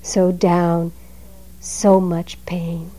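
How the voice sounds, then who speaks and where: A woman voicing a miserable man who begs for help in a hushed, whimpering whisper. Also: on the low side, level tone, extremely slow, poor audio. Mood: pleading.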